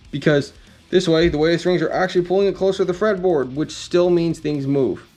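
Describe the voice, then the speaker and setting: A man walks through guitar setup in a loose, rambling teaching style, full of ums and the odd blunt curse. His voice sits a bit high for a man but sounds warm and mellow. A faint guitar plays behind him. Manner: relaxed, rambling, frequent ums, blunt mild cursing. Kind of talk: casual instructional talk.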